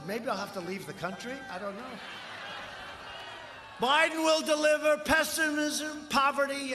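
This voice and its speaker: An older man speaking at a campaign rally, rambling and boastful, swinging between shouted lines and muttered asides. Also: sits high. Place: outdoor rally. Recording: echoey outdoor rally with long reverb and faint crowd noise.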